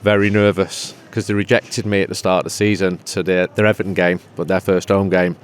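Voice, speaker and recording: A man's voice: low voice, level tone, a little fast, smooth. A man as a regular pundit in casual podcast chat, joking and rambling before turning rousing. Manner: jokey, rambling, then rousing.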